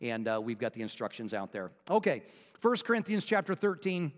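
A man's voice: medium pitch, very animated, brisk, big-room sound. A male pastor telling a folksy joke and making announcements before his sermon in a church. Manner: folksy storytelling, casual asides. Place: church sanctuary.

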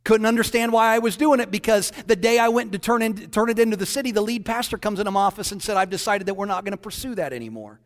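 A man's voice: sits high, quick pace, few pauses. Man preaching a story, hall reverb. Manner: animated storyteller, quoting others in dialogue. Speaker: pastor. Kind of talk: sermon storytelling.

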